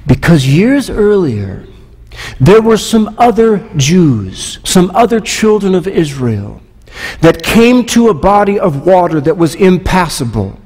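A man's voice: sits high, big pitch swings, a little slow, a little mellow, husky, long reverb tail. A man pastor preaching a sermon, conversational, asking the listeners rhetorical questions. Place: church sanctuary.

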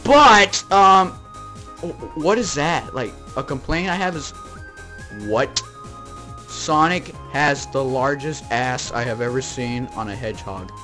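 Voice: medium pitch, measured pace, pushed and bright, faint music behind. A YouTuber from Texas hosting a jokey, rambling comedic toy review with plush skits. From Texas, United States.

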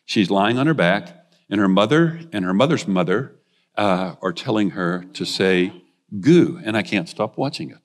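Older man preaching, low voice. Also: animated, moderate pace. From United States. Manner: earnest, confessional personal storytelling. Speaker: guest preacher. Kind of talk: sermon storytelling. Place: church.

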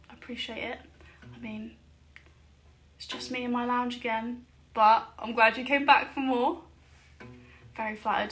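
Woman, singer-songwriter, light higher voice, quick jokey banter between songs at home. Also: fairly bright tone. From England. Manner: chatty, jokey, self-mocking asides. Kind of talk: casual chat between songs at a home livestream gig. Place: her living room at home.

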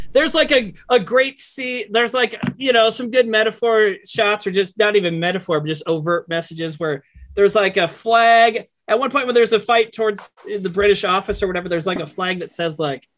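A man's voice: high-pitched, moderate pace, a bit bright. A man rambling in casual chat on a livestream, full of "like" and crude swearing. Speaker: comedy troupe member on a livestream. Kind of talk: casual banter.

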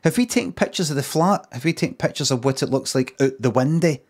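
A man's voice: fairly high pitch, lively intonation, fast talker, darkish tone, husky. Glaswegian man rambling on a stream. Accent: Scottish, Glaswegian. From Scotland. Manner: rambling, dry storytelling with restarts and swearing. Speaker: livestreamer. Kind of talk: casual live-stream chat.

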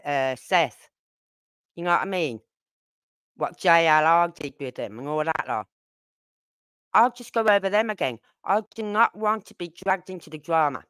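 A woman's voice: fairly low pitch, a bit bright, clean tone, no room sound. A woman hosting a casual commentary livestream, emphatic and repeating her points. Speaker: livestream host.

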